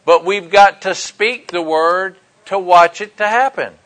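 A man's voice: sits high, a little slow, a bit bright, rough recording. A middle-aged man preaching a sermon, telling stories and acting out the quoted lines. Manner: storytelling with acted-out quotes.

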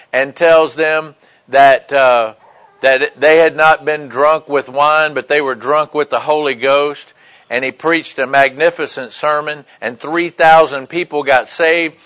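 A man delivering a sermon with a voice that sits a little high for a man. He talks in a plain, conversational way, leaning into his points and often pausing to check that his listeners are with him. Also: fairly even intonation, fairly bright tone, rough recording. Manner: conversational preaching with frequent "right?" and "okay" check-ins. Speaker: preacher.

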